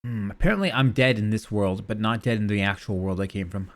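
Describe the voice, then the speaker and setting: A man streaming a video game in casual, rambling commentary. He often trails off into quiet mumbles. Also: lowish voice, a little fast.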